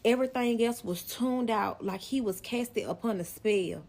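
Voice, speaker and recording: A woman's voice: on the high side, normal speed. Earnest woman telling a story to camera. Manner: animated, emotional storytelling addressing viewers directly. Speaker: vlogger. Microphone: phone or camera facing the speaker.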